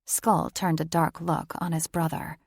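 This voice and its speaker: Woman reading a romance audiobook, gravelly kinda low voice, super dry. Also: level tone, measured pace, a little mellow, dry recording. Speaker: audiobook narrator. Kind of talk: scripted narration.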